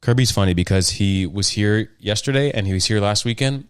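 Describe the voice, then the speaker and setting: A man's voice: lowish voice, brisk, clean tone, no echo, clean studio sound. A young man hosting a casual solo podcast at home, rambling and joking about himself. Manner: rambling, jokey and self-deprecating. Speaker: podcast host.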